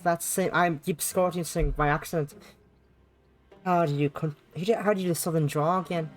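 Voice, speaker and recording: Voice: mid-range voice, steady tone, brisk, faint music behind. A streamer reading a visual novel aloud, going off on tangents, correcting themselves and swearing when frustrated.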